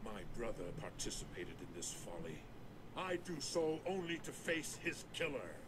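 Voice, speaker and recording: A man's voice: mid-range voice, sing-song, moderate pace, natural voice. An actor playing a stern, honor-bound young male ninja warrior in a fighting game, speaking in a grave, formal way. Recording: game audio under noise.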